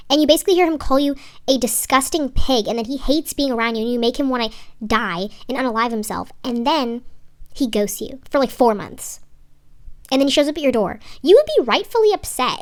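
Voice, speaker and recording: A young woman, recapping a TV episode in a chatty, slangy way with rambling asides and swearing. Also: high-pitched. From San Francisco Bay Area. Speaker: TV show reviewer. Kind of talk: casual recap vlog.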